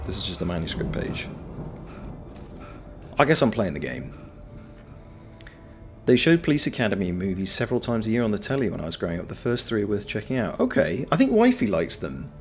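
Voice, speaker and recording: A man giving casual, sweary live commentary on a game, yelling at enemies and chatting with viewers. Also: lowish voice, wildly swooping pitch, a little fast, long pauses. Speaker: game streamer.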